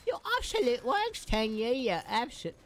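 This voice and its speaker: A cocky mock-British lad, put on by a gaming streamer, jeering at other players in a pitched-up, swooping voice. He barks slang insults with lively, bouncing pitch. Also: normal speed, soft background music. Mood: taunting. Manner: taunting, shouty slang insults.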